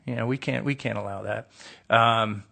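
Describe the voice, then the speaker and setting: A middle-aged man from the United States talks casually into his phone from an indoor room, his voice carrying a gravelly edge. He reads out viewer questions and answers them with deadpan, teasing humor at a relaxed, unhurried pace. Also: on the low side. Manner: reads questions aloud and riffs with dry, joking sarcasm. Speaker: actor answering fan questions on a live stream. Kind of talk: casual solo live stream chat.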